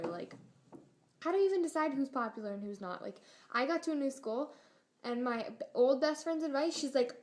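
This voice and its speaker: A teenage girl rants at the camera in a rambling, exasperated vlog stuffed with filler words. Her voice is high-pitched and a little mellow.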